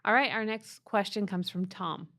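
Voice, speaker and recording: A woman's voice: medium pitch, moderate pace, pushed and bright, no room sound, studio quality. A woman co-hosting an advice podcast, answering listener questions in an affirming, casual way.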